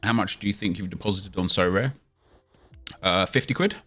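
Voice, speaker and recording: Young guy streaming, low voice, chatty, reading out chat, soft music behind. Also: normal speed, husky. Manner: chatty, reads viewer questions aloud. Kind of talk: casual live-stream chat.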